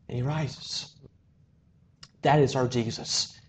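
A male preacher with a slightly higher voice delivers an earnest sermon. He swells to loud, emphatic lines and then drops to a soft hush. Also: normal speed, slight background noise.

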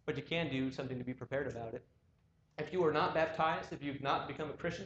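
A man's voice: medium pitch, fast, fairly bright tone, reverberant, dull audio, slight background noise. A man preaching a sermon, earnestly urging his listeners and pressing them with repeated questions.

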